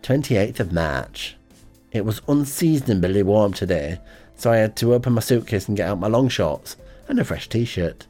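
A man hosting an amateur radio show drifts through a funny monologue at a moderate pace, his fairly low voice deadpan and hesitant, thick with ums. Soft music sits in the background.

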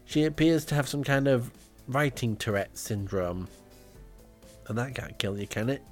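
A man's voice: medium pitch, animated, moderate pace, faint music behind. A man with a dry, rambling manner, telling a comic audio diary at home as podcast host. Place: indoors, front room at home.

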